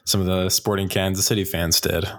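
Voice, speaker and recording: A man's voice: low-pitched, level tone, fairly quick. A man on a casual podcast panel, chatting in a rambling, self-interrupting way and laughing often. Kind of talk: casual chat.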